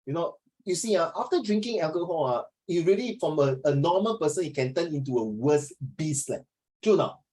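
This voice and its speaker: A middle-aged man with a Singaporean English accent, teaching an online class over a video call. He tells stories in a chatty, animated way and slips into Mandarin. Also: a little high, fairly quick, poor audio.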